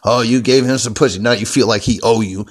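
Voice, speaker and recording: A man vents into his phone at home in a rambling, unscripted rant. He swears constantly and keeps a steady, everyday pitch that is neither deep nor high. His delivery is angry and loose, full of repeated words and restarts. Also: a little fast. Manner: angry, heavily profane, rambling. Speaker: vlogger. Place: indoors at home, seated.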